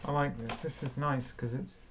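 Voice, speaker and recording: A man's voice: mid-range voice, steady tone, moderate pace, dull audio, background noise. A man casually chatting as he unboxes vinyl records, thinking aloud and poking fun at himself.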